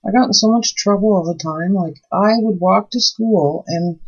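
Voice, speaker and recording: A woman's voice: mid-range voice, normal speed, slightly rough. A woman chatting casually while making soap, telling stories and easily delighted. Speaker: soap maker and channel host. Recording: dull, muffled recording.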